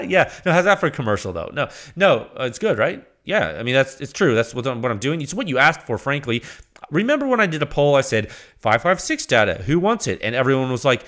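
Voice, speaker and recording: A male podcast host rambles excitably through a loose solo monologue at a fast clip. His pitch jumps constantly, climbing high for acted-out reactions and sinking low for asides.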